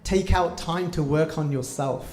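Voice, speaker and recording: A man teaching a Sikh class, telling stories and acting out the quoted lines in an animated way. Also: fairly high pitch, a little slow, echoey room, faint music behind. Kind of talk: storytelling sermon. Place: hall.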